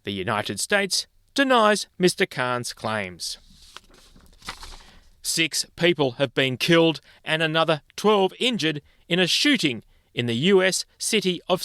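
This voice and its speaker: A male news presenter reads bulletins in a measured, clear style. His voice sits a little high for a man, and the studio sound is dry and close. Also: a bit bright, dry recording. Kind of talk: scripted news reading. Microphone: studio microphone.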